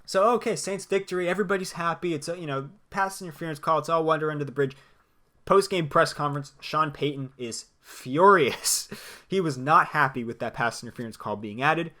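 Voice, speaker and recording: A young man with a slightly high voice hosts a solo sports podcast at normal speed. He offers blunt opinions in a lively manner, laughing between his points.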